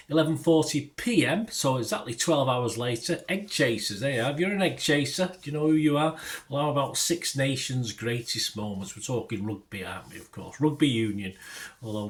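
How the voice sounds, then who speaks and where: A middle-aged British man rambling casually through the week's TV listings, with digressions and chatty asides. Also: medium pitch. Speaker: TV listings reviewer. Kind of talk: casual TV guide chat.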